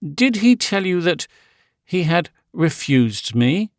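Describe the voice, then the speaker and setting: A man's voice: on the high side, big pitch swings, takes it slowly, no room sound, studio quality, pitched above the performer's own voice, exaggerated voice. A man voicing a proud, icy young woman in an audiobook, cold and clipped, cutting with sarcasm. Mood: icy, sarcastic. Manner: cold, clipped, imperious questioning. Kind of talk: audiobook character voice.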